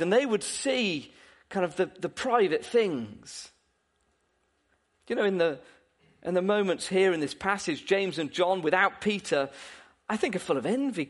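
A man preaching a sermon, asking his listeners questions and chuckling now and then, with frequent restarts. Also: sits high.

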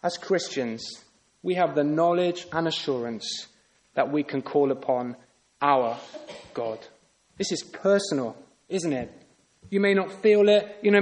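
A man delivers a sermon in an earnest, searching way. He keeps turning to his listeners with rhetorical questions. His voice sits a little higher than most men's. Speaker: preacher.

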